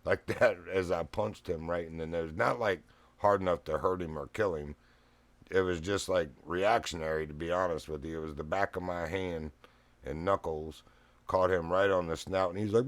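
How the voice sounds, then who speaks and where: Deep-voiced man, rambling storyteller. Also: dry recording. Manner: rambling, folksy, laughs often. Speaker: streamer. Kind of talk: casual storytelling chat. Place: home living room. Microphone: streaming mic.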